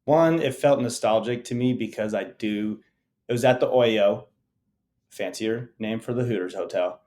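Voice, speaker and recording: A man's voice: on the low side, moderate pace, darkish tone. A man co-hosting a podcast, chatting in an easygoing, friendly way. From Las Vegas area. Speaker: podcast co-host. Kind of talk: casual chat.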